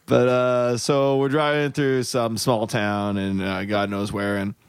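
A man hosts a comedy podcast, spinning an improvised story with lots of false starts. His voice sits at an ordinary pitch, recorded dry and close with no room around it. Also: level tone, smooth, no room sound. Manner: rambling, halting, full of restarts. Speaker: podcast host.

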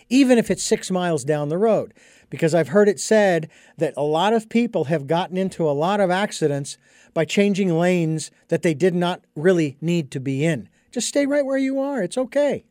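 A middle-aged male host with a rather high voice speaks in an unhurried, thoughtful way, pausing often on small fillers. The recording is close and dry, with no room sound. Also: a little mellow, no echo. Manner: thoughtful, hesitant, many uh fillers. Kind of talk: casual conversation.

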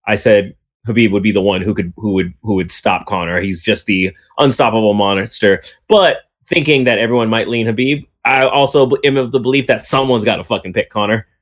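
A man's voice: lowish voice, fairly quick. A man co-hosting a sports podcast, rambling through his pick with dry jokes. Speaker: podcast co-host. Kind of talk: casual sports chat.

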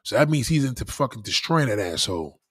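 Man, husky voice, dry close mic, rowdy profane livestream banter, medium pitch. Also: very animated, fast talker, no echo. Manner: loud, laughing, profane banter reacting to chat. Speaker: livestream host. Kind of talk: casual late-night livestream chat.

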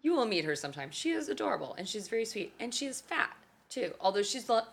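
A woman in her thirties co-hosting a podcast in casual chat, animated and swearing freely, often dropping into funny voices. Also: medium pitch, fast, vocal fry. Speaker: podcast co-host.

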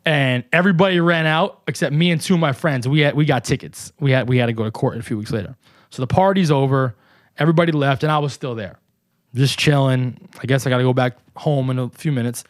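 A man in his thirties with a New York accent, telling a long personal story as a guest in a casual chat, animated and salty. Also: medium pitch, fast talker. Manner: animated, profane, acts out quoted voices. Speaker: podcast guest.

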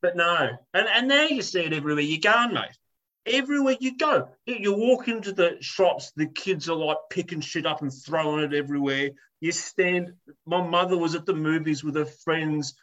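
A man with a high-pitched voice rants through a story in casual podcast chat. He swears freely and slips into voices for the people he describes. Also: moderate pace, lo-fi sound. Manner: animated ranting, swears, acts out voices.

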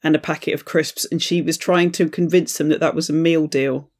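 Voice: medium pitch, steady tone, a little fast. Podcaster telling anecdotes. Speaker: podcast co-host. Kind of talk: casual film chat.

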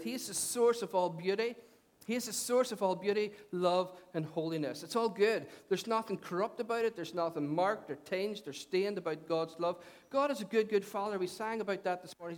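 A man preaching a sermon as pastor, conversational, repeating phrases and asking the congregation questions. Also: sits high. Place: church hall. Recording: long church hall reverb.

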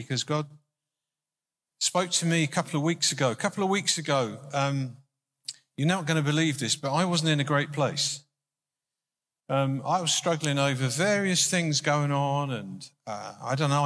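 In a church hall with audible reverb, a male minister with a somewhat high, slightly bright voice gives an informal, conversational sermon, often restarting his sentences.

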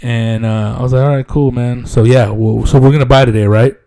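His voice is medium-pitched and warm, fairly quick, with fairly even intonation. Telling a story in a relaxed, profane way full of "dude," he voices other people's lines in raised tones.

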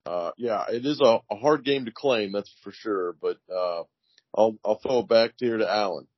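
A man's voice: lowish voice, moderate pace, no echo. Easygoing male interviewer. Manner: easygoing, encouraging. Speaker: podcast host. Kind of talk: casual interview chat. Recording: dull dry lo-fi audio.

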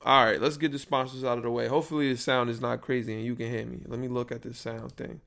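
A man's voice: mid-range voice, flat delivery, quick pace, vocal fry, fairly bright tone. A young man hosting a casual podcast, rambling and slangy as he fiddles with his sound settings on a built-in computer microphone. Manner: rambling, troubleshooting audio live, slangy. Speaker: podcast host. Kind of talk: casual solo podcast chat.

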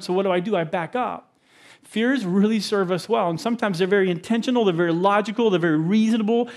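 A middle-aged man, a pastor, preaching a sermon with animated stories, chuckles and asides to the congregation. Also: sits high.

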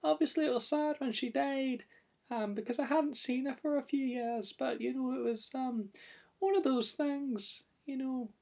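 A man voicing a tiny, shy young woman with a Scottish accent, meek and rambling in a high squeaky voice. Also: fairly even intonation, moderate pace, vocal fry, a little mellow, distant mic. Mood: wistful.

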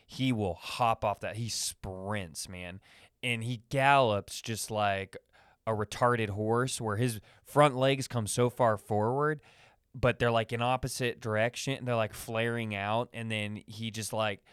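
A man's voice: lowish voice, steady tone, moderate pace, smooth, no echo, studio quality. A man hosting a casual solo podcast, rambling through anecdotes with lots of fillers. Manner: rambling, many fillers, acts out funny voices in anecdotes. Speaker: podcast host.

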